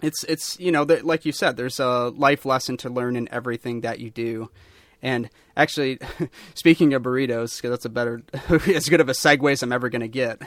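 A man's voice: medium pitch, steady tone, brisk, fairly bright tone, no echo, studio quality. A young adult man hosting a podcast interview, talking casually and laughing easily. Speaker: podcast host.

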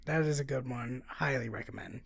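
A woman's voice: rumbling low, brisk, creaky, husky, dry recording. A woman co-hosting a podcast in casual chat, laughing often and rambling with many fillers as she reads out a plot summary. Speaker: podcast co-host.

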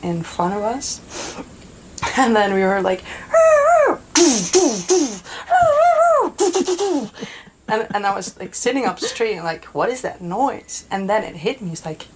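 A woman's voice: medium pitch, moderate pace, slight background noise, poor audio. A woman from Europe, a guest telling stories in casual chat, laughing often and rambling with fillers. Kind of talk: casual storytelling.

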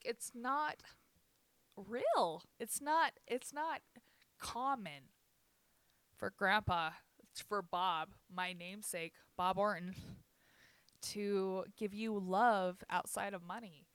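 A young woman talks in a loose, rambling way, laughing often as she goes. Her voice is bright and ringing, and smooth and clear all through. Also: medium pitch, dry recording. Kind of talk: casual chat.

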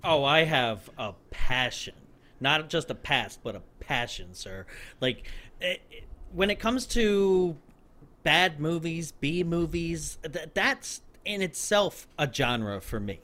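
A man's voice: on the high side, expressive, takes it slowly, pushed and bright. A man appearing as a podcast guest in casual chat, enthusiastic and playful.

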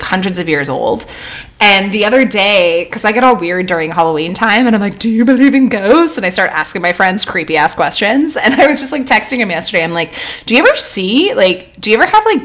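A woman's voice: medium pitch, fairly bright tone. Young woman podcast host, rambly storytelling, says like a lot, giggly. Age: young adult. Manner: rambling, heavy use of "like", laughs often. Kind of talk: casual chat, storytelling.

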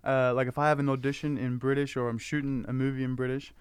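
A man's voice: mid-range voice, flat delivery, fast talker, clear, resonant tone, dry recording. Chatty Australian man, podcast guest. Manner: chatty, slips into playful impressions. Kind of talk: casual podcast conversation.

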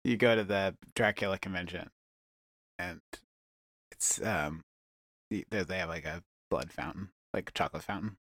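A man co-hosting a comedy podcast, rambling through improvised bits and letting his words trail off into low murmurs. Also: moderate pace, long pauses, a bit bright, no echo, clean studio sound.

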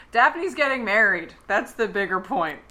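A woman's voice: medium pitch, lively intonation, slow pace, pushed and bright. A young woman co-hosting a podcast in casual chat, teasing dryly and laughing easily. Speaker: podcast co-host.

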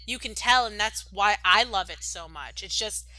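A young woman co-hosting a podcast, rambling warmly and with plenty of fillers in casual chat. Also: medium pitch, moderate pace, no room sound, low-quality recording. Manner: gushing, rambling, many "like"s. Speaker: podcast co-host.

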